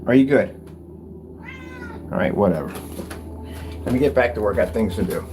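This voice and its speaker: This home theater screen maker talks at a normal speed in a lowish, animated voice. He chats loosely through his workshop vlog, restarting frequently and now and then yelling at his cat.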